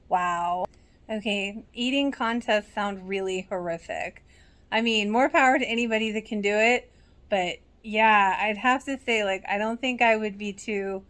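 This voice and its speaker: A woman casually recapping and reacting to a TV episode, chatty and quick to laugh. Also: mid-range voice, fairly bright tone. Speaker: reaction channel host.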